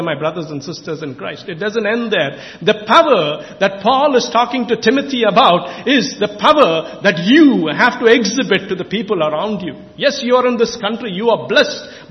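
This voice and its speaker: A man's voice: high-pitched, lively intonation, normal speed, hardly any pauses, long reverb tail, dull audio. A man preaching an impassioned sermon in a church, repeating and exhorting his listeners. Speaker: lay preacher.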